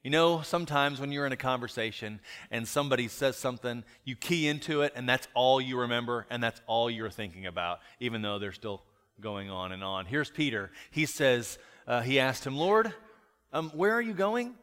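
A man preaching a sermon in a reflective way. He asks rhetorical questions and drops softer on key lines. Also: medium pitch, brisk, clear, resonant tone. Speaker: pastor. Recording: long hall reverb.

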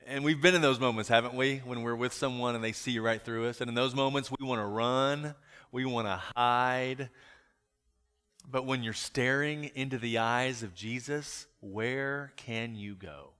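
A male pastor in a mid-range voice delivers a reflective sermon. He often asks rhetorical questions and lets the key lines fall quiet. His voice carries a long reverb through a church hall. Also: mid-range voice, steady tone, measured pace, smooth.

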